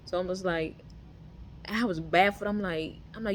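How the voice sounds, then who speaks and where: Low-voiced woman telling her testimony. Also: steady tone, moderate pace, slight background noise. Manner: loose conversational delivery with many fillers and restarts. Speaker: person giving a testimony. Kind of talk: personal testimony, casual storytelling.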